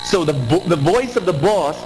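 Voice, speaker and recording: Animated preacher in echoey hall. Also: male voice, fairly high pitch, normal speed, noisy background. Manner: animated, asks audience to respond. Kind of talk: sermon. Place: large church. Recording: echoey hall with music behind.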